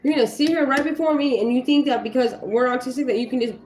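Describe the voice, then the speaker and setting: This woman, a livestream host with young children, speaks fast in a high voice that's a little mellow and fairly even in intonation. She's heated and blunt in casual talk, swearing freely and heavy on fillers like "you know" and "like." The sound is echoey with faint ambient noise.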